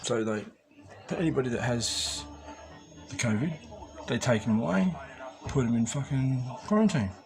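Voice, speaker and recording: A man's voice: mid-range voice, expressive, normal speed, vocal fry, over music. An Australian man giving a rambling, profane rant to his viewers, full of swearing and conspiratorial asides. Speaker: vlogger addressing preppers.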